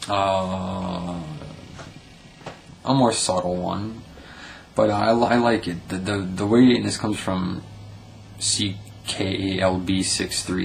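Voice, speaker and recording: A man's voice: sits low, unhurried, creaky, a little hiss or hum, rough recording. A young man from the United States reading out viewer comments in a blunt, profane commentary vlog, often stumbling and restarting.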